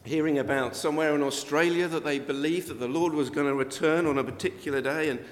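An older man delivers a sermon with a fairly high voice. He talks conversationally, then lifts his voice sharply for emphasis. The sound carries a long reverb from a church hall. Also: fast. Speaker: preacher.

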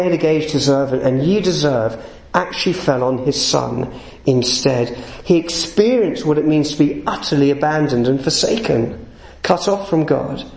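A man's voice: on the high side, vocal fry, reverberant, poor audio. A man preaching a sermon, earnest and building to emphatic peaks.

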